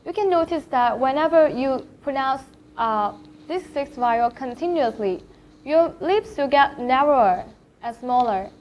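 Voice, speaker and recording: A woman's voice: high voice, animated, a little slow, darkish tone, slight background noise. A woman with a Thai accent teaching Chinese pronunciation, carefully demonstrating vowel sounds one by one. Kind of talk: pronunciation lesson. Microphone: camera facing the speaker. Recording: slightly dull lo-fi sound.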